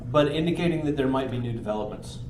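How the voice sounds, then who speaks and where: A man's voice: medium pitch, fast. A man playing a tabletop game, describing his character's actions in a wry, playful way. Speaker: player. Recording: echoey room with clear noise.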